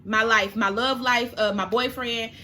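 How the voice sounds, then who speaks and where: Young woman, bright, chatty storyteller, faint room hiss behind. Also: on the high side, steady tone, measured pace. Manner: chatty, emotional, tearing up at times. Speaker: makeup vlogger. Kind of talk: casual storytime chat while doing makeup.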